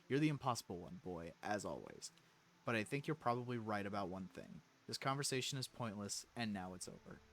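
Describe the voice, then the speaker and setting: A man voicing a stern, contemptuous older aristocratic father in a story game, speaking harshly and dropping low on his scornful jabs. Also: expressive, fairly quick, slight background noise.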